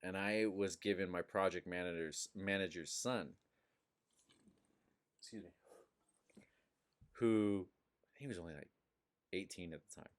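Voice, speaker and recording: A man's voice: sits low, measured pace, long pauses. A man hosting a podcast, chatting casually and telling stories with laughter and swearing. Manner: animated storyteller, swearing, laughing. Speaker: podcast host. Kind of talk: casual chat.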